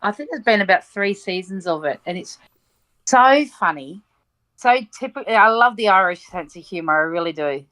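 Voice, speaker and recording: A woman's voice: mid-range voice, animated, moderate pace, pushed and bright. A woman co-hosting casual chat, rambling with many ums. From Australia.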